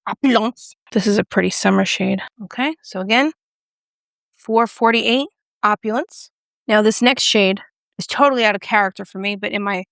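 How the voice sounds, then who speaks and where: Chatty woman with a gravelly, dry voice. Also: medium pitch, fairly bright tone, dry recording. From United States. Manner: chatty, self-deprecating, joking about her pronunciation. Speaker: beauty vlogger. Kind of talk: casual product review.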